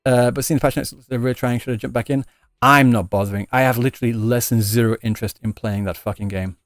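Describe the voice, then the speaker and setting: A man's voice: medium pitch, steady tone, fast, no room sound. Emphatic man streaming, dry close sound. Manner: emphatic, stacks repeated phrases and trails into restarts; blunt and exasperated, swears for emphasis. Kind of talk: casual live-stream chat answering viewers.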